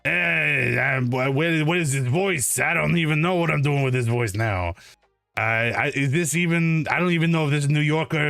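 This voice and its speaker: A man doing a brash, blustering New York tough guy, a weird angry fellow who rambles on with a put-on New York accent. His voice sits in a middling range, sounds a notch higher and pushier than a plain voice, and is dry and close with faint music behind. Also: gravelly, fairly bright tone, dry recording. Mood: bewildered.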